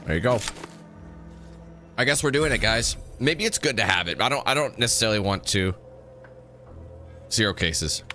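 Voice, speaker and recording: A man's voice: fairly low pitch, lively intonation, moderate pace, pauses often, bright, forceful tone, soft background music. A man giving casual, rambling commentary while playing a video game, often correcting himself mid-sentence. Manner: chatty, rambling, self-correcting. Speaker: gaming YouTuber.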